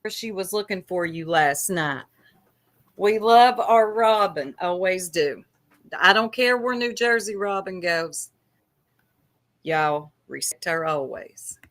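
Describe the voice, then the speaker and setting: A woman's voice: fairly low pitch, animated, slow, fairly bright tone. A woman co-hosting a livestream, chatty and teasing as she reads the chat aloud. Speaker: livestream co-host.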